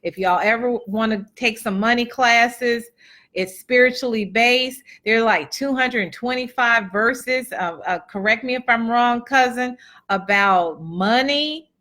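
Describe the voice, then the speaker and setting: A woman's voice: fairly high pitch, a little slow, sharp tone. A woman speaker telling a personal testimony to an audience in a chatty, folksy way, calling them y'all and acting out what people said. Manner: chatty and folksy, addresses the crowd as y'all and acts out dialogue. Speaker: motivational speaker and author.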